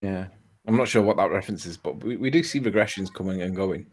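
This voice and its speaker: Brief: man, low husky voice, rambly casual panelist, lots of ums. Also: quick pace. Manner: rambling, hesitant, many ums and restarts. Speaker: panelist on a live debate stream. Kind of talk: casual online chat.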